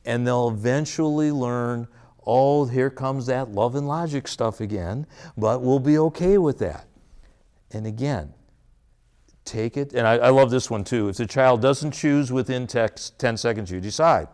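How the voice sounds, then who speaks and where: A man's voice: medium pitch, unhurried, a little mellow. A man leading a parenting workshop at a school, acting out parent and child exchanges with audience members. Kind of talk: interactive workshop talk with role-play. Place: school auditorium or room with audience.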